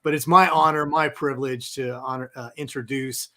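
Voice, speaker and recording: A man's voice: medium pitch, fairly even intonation, moderate pace, pushed and bright. A man from Texas co-hosting a panel, introducing a guest in a friendly way. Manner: friendly, reads a formal bio. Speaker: co-host.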